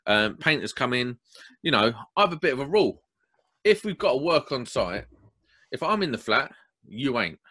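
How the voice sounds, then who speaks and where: A young man, hosting a casual podcast and telling a wound-up story in a blunt, animated way. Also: mid-range voice, normal speed, husky. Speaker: podcast host.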